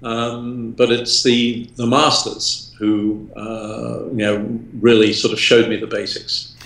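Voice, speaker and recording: A man's voice: mid-range voice, flat delivery, slow, gravelly, fairly bright tone. An older man from England, a film director, reminiscing in an interview with lots of ums and restarts. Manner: rambling, with many ums and restarts. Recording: roomy echo.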